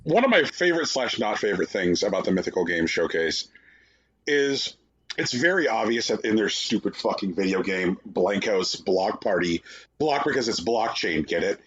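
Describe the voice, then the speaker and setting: A man co-hosting a podcast, talking casually and profanely, sarcastic and mocking, slipping into animated impressions. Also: lowish voice, moderate pace, husky, muffled recording. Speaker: podcast co-host.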